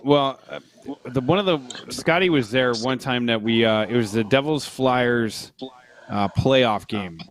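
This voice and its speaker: A man's voice: medium pitch, unhurried. A man co-hosting a podcast, telling a rambling story in casual chat, laughing as he goes. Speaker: podcast co-host.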